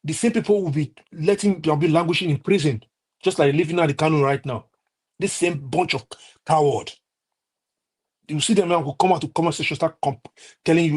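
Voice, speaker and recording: A man with a Nigerian accent, his voice on the high side, husky and darkish, speaks briskly in a live-stream political rant. It's an impassioned, heated delivery, repetitive and full of restarts and fillers.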